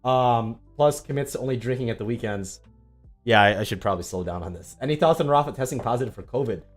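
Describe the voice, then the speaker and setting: A young man with a medium-pitched voice talks fast over faint music, livestreaming as a tennis YouTuber. He chats casually with viewers, sarcastic and rambling, filling his answers with lots of ums.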